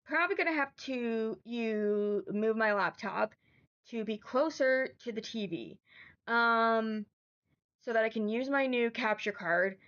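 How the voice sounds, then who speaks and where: A woman's voice: fairly high pitch, unhurried, a bit bright, dull audio. A woman streaming from home, flustered and apologetic, filling her talk with ums while she fixes her setup. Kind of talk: casual live-stream talk.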